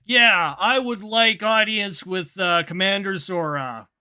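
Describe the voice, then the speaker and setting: A man voicing an eager, scrappy spaceship crewman who talks loudly and stumbles over his words. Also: high voice, slow pace, clean tone, voice pushed up, heavily acted.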